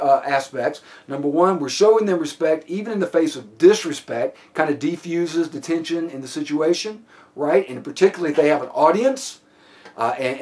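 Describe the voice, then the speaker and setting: A man's voice: on the high side, a little mellow. Plainspoken male police instructor. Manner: plainspoken, many restarts and fillers. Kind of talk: classroom lecture.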